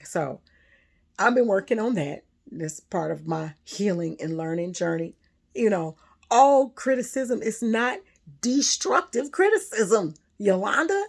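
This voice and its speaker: A woman telling a personal story in a casual monologue, loud and animated, laughing often. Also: fairly low pitch, a little slow, vocal fry. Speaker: spiritual vlogger.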